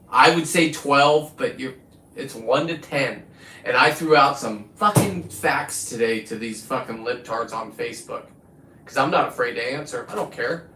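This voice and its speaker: A man's voice: medium pitch, sharp tone. Combative swearing man on a livestream. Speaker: livestream host. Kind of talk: profane livestream rant. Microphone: phone. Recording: echoey room, distant from the mic.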